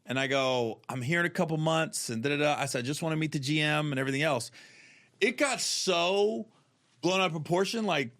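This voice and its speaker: Animated male comedian telling a story. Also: fairly high pitch, a little fast. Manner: animated, acts out voices of people in the story. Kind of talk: casual storytelling on a chat show.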